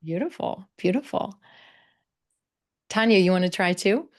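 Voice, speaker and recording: A woman teaching English pronunciation on a video call, encouraging learners and modeling words slowly. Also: medium pitch, animated. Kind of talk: online English class coaching.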